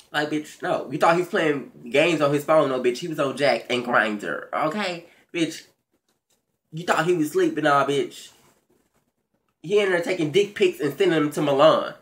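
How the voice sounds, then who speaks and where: Man vlogger, sassy and profane, casual TV recap rant with swooping pitch. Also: fairly bright tone. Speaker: vlogger recapping a reality show.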